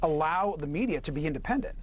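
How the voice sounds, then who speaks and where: A man's voice: on the high side, animated, fast. A man appearing as a congressman in a news interview, speaking in an earnest way. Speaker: congressman guest.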